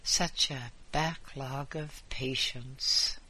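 A man's voice: mid-range voice, steady tone, very slow, sharp tone, breathy edge, full character voice, low-quality recording. A man reading aloud, voicing a fussy, matter-of-fact male hospital doctor.

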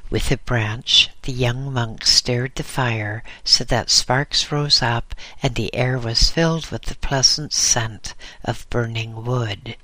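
A man reading an audiobook aloud in a slow, deliberate way. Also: mid-range voice, bright, forceful tone, no echo. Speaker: audiobook reader. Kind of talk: audiobook narration.

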